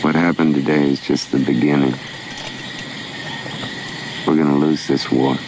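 An actor playing a weary, fatalistic older soldier who speaks bluntly and grimly. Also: male voice, very deep voice, little pitch movement, measured pace, noisy background.

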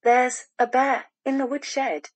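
A woman voicing an eager, curious young boy in a storybook, speaking up with a raised, higher voice. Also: level tone, slow.

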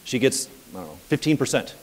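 A man coaching at a live seminar, telling anecdotes in an energetic, conversational way. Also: mid-range voice, a little fast, slightly rough, in a large hall. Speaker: property management business coach. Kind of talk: live seminar talk with audience questions.

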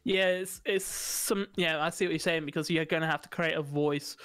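A man co-hosting a podcast in casual chat, animated and quick to swear and joke at himself. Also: fairly high pitch, clear, resonant tone, no room sound, soft background music. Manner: animated, swearing, self-mocking. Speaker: podcast co-host. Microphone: studio mic.

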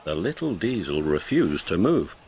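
A man narrating a children's storybook with gentle, expressive telling. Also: sits low, normal speed, noisy background. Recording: music playing behind.

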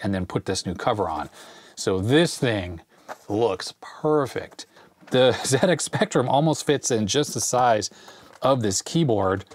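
A man hosting a retro computer repair video, thinking aloud in a relaxed way while he takes a machine apart. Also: medium pitch. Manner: thinks aloud while working, relaxed, with small fillers and laughs. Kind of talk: casual hands-on show-and-tell.

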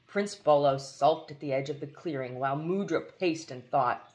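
A woman narrating a novel aloud in a fairly low voice. Her reading is expressive, with now and then a stumble and restart. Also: moderate pace. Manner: expressive, occasional slips and restarts. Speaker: audiobook reader. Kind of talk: audiobook narration.

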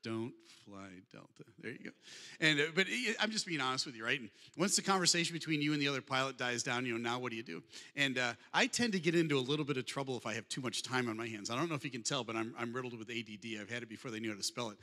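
A man in his fifties tells funny stories to a crowd, talking fast with a bright, forceful voice. He keeps turning to his listeners in a warm, conversational way. His voice rings with the long reverb of a big hall. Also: medium pitch. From Michigan, USA. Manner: humorous, conversational, addresses the audience directly. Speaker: guest speaker. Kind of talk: storytelling talk.

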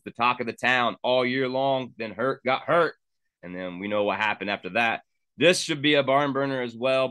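A man with a bright, forceful voice rattles off sports betting picks one after another as the show's host. He talks with brisk confidence, plugging the show between calls. The sound is close and dry, with no room around it. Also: mid-range voice, dry recording. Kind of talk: rapid-fire sports betting picks rundown.

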